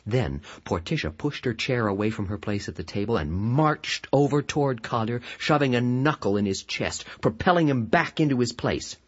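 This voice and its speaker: A man narrating an audio storybook in an expressive, dramatic manner. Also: medium pitch, normal speed, hardly any pauses, husky. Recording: dull lo-fi recording with music.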